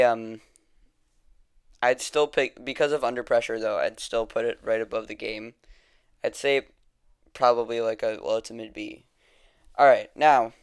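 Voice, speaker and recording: A man's voice: medium pitch, clean tone, dry recording, clean studio sound. A man casually reviewing music in a rambling, enthusiastic way, with lots of ums and restarts. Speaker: music vlogger ranking albums.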